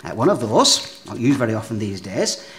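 A man's voice: on the low side, sing-song, normal speed, a bit bright. A man preaching a sermon, leaning on emphatic phrases he repeats and speaking straight to his listeners. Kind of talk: sermon with object lessons.

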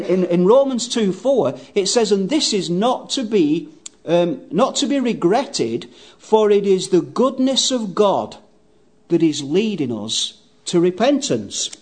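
A man preaching a sermon, earnest and emphatic, quoting scripture at length and repeating his key phrases. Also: sits high.

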